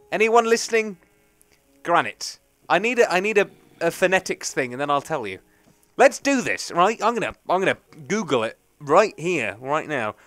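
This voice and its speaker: A man's voice: a little high, a bit bright, no room sound. A young man, rambling and joking through casual let's play commentary. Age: young adult. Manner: rambling, chatty, jokey. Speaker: gaming commentator.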